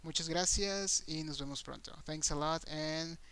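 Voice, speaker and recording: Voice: medium pitch, normal speed, fairly bright tone, smooth, rough recording. A patient teacher walks through an online Spanish lesson, saying each example word twice. Syllables get stressed on purpose to show the pronunciation.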